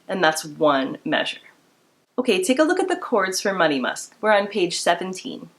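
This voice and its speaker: A woman's voice: fairly low pitch, big pitch swings, normal speed, a bit bright. A woman teaching a beginner string class, explaining bowing and counting students in with encouragement. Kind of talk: instrument lesson. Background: instrument playing.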